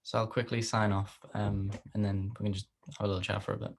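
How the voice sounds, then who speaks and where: A man's voice: on the low side, flat delivery, quick pace, vocal fry, a little hiss or hum. A man hosting a casual interview, laid-back and chatty, with a groggy morning voice and frequent ums. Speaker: host.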